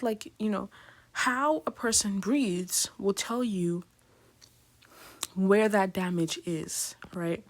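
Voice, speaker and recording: Woman, casual lecturer, mid-pitched, chatty and loose, lots of fillers and quick acted asides. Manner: chatty, filler-heavy, keeps asking "right?"; acts out patients in slangy voices. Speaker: nursing lecturer.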